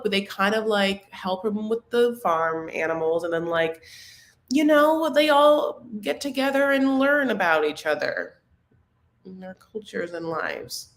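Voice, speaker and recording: A woman's voice: mid-range voice, echoey room. A young adult woman hosting a casual live recap chat, gossipy and rambling, heavy on filler words. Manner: chatty, gossipy, lots of "like" fillers. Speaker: show recap host.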